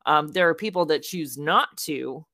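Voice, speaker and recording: Low-voiced woman telling a story. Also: moderate pace, no room sound, clean studio sound. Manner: animated storyteller, acts out quotes. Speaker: podcast co-host. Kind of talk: casual storytelling chat.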